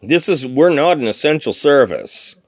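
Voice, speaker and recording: A man's voice: a little high, expressive, normal speed, no echo, clean studio sound. A drunk man ranting angrily about a customer, swearing constantly and stammering through restarts. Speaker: thrift shop worker. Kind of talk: angry profane rant.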